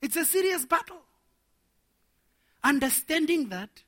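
A man preaching a sermon to men, animated and laughing as he acts out little scenes. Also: very high voice, takes it slowly, pauses often.

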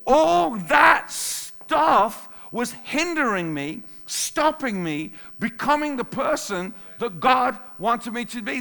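A man's voice: extremely high pitch, pushed and bright. A male pastor preaching a sermon in an emphatic way, repeating key phrases for weight.

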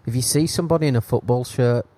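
A man's voice: medium pitch, fast, heavy background noise. A man co-hosting a casual podcast, talking in blunt, profane banter. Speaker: podcast co-host. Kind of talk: casual chat.

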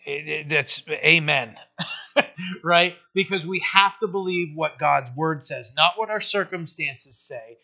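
Slow and creaky, with a sharp tone and a higher pitch, a man preaches a conversational sermon to his church. He relies on rhetorical questions and a frequent "right?", and the sermon recording sounds dull and lo-fi.

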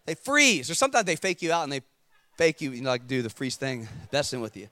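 A man preaching a sermon as pastor, animated and emphatic, acting out his stories. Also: medium pitch, quick pace, dry recording.

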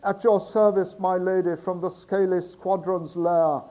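A man shouting in a blustering voice as a rough, boastful old sailor in a comic poem he reads aloud. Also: sits high, little pitch movement, unhurried, dull audio, voice pushed up.

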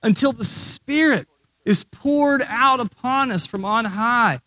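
A male pastor in his thirties preaches, reading scripture aloud and breaking off for personal asides. His voice sits high for a man. The sound carries the long reverb of a church hall. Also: slow, bright, forceful tone, faint music behind. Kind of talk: sermon.

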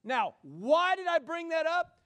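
A middle-aged man preaching a sermon as senior pastor, swinging between loud, animated bursts and quiet asides while calling out to the congregation. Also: extremely high pitch, measured pace. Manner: calls out to the congregation.

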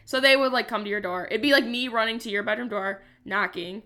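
A woman's voice: on the high side, a little fast, sharp tone. A young woman co-hosting a podcast, chatting casually, giggling often and losing her words. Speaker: podcast co-host. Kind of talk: casual chat.

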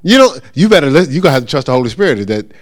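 Animated man teaching at church. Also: medium pitch, rapid-fire. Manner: animated, acts out voices of churchgoers and callers; conversational with frequent check-ins. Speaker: pastor teaching. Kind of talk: informal church teaching talk.

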